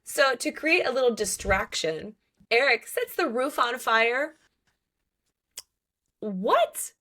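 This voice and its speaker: A woman hosting a book podcast, recapping a story in a casual, animated way, full of "like" and playful swearing. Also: on the high side, takes it slowly.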